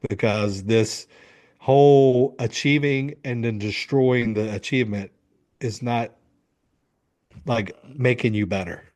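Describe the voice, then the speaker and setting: A man's voice: mid-range voice, takes it slowly. A middle-aged man, a men's coach, telling a story in an interview, acting out what people said and swearing freely. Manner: animated, acts out quotes, swears freely.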